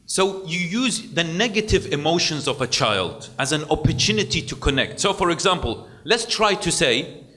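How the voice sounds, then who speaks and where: A man preaching a sermon to a gathering, lecturing with animated delivery and acting out what parents should say. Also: a little high, normal speed.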